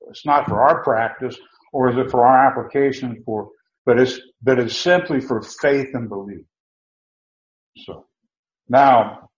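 A male preacher's medium-pitched voice insists emphatically through a sermon, looping back over his points with repetition, frequent restarts and fillers. The audio is dull and roomy, muffled with echo.

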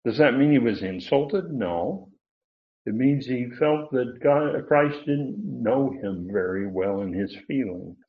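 Expressive and slow, a medium-pitched man leads a verse-by-verse Bible study, explaining Greek words with emphasis and correcting himself now and then. The sound is thin and phone-like, bouncing around an echoey room.

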